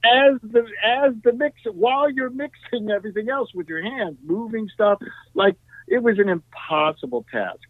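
A man, a guest musician, telling animated stories in a podcast interview, full of "you know" and "right?". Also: high-pitched, moderate pace, no room sound. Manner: animated, tag questions, frequent "you know". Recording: tinny dry phone-like line.

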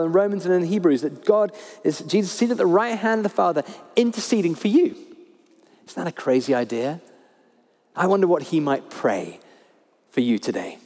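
A man preaches in a high, lively voice that swoops up and down as he stresses each point. He repeats his key phrases to drive them home. The sound rings with the long reverb of a church hall. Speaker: pastor. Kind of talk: sermon.

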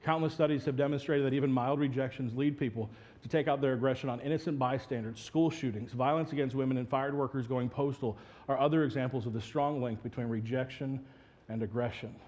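A man's voice: medium pitch, darkish tone. A man preaches a sermon in a mid-range voice. He tells funny family stories and then turns earnest and direct with his listeners. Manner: humorous storytelling, then earnest teaching. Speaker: pastor.

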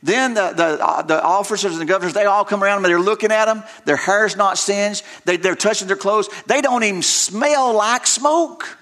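A man's voice: high voice, moderate pace, few pauses, pushed and bright. A male preacher delivering a sermon, retelling scripture stories dramatically and often repeating words as he restarts his sentences.

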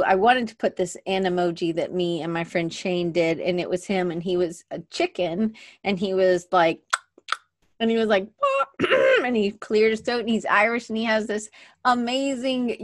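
With a mid-range voice and studio-quality sound free of echo, a woman hosts a relaxed podcast livestream at her desk, heard through her webcam. She rambles in a chatty way, keeps restarting what she says and moves about the desk.

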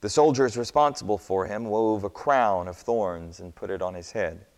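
A man narrating a scripture story in a measured, expressive reading. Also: lowish voice. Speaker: scripture reader. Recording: long hall reverb.

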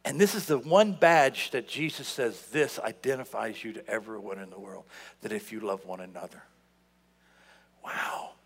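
A man preaching a sermon in a church, animated, swinging between loud outbursts and hushed asides. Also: fairly low pitch, moderate pace, vocal fry, slightly rough. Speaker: pastor. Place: church sanctuary. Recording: long hall reverb.

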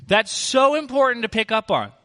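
A man's voice: extremely high pitch, big pitch swings, moderate pace, sharp tone, in a large hall. A man preaching a sermon as pastor, earnest and emphatic, asking rhetorical questions.

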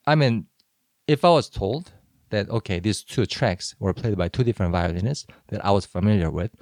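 Man, gravelly, low voice, dry mic, agreeable podcast co-host. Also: normal speed, darkish tone, dry recording. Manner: agreeable, frequent affirming backchannels. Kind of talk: casual podcast conversation.

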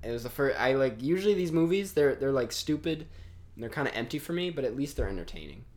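A man's voice: medium pitch, expressive, quick pace, a little mellow. A young man hosting a casual podcast chat, rambling and trailing off, laughing often. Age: young adult. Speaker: podcast host.

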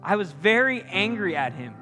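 A young man preaching a sermon to a campus group. He speaks earnestly and directly, moving between loud punchy lines and quiet confiding ones. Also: sits high, big pitch swings, normal speed, soft background music.

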